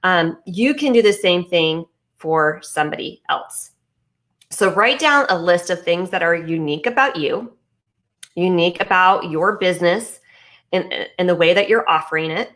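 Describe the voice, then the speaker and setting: This woman speaks at a normal speed in a fairly low, animated voice that's a bit bright. As a business coach giving a forceful pep talk, she repeats phrases, restarts and uses fillers, and for a moment she has ice in her mouth.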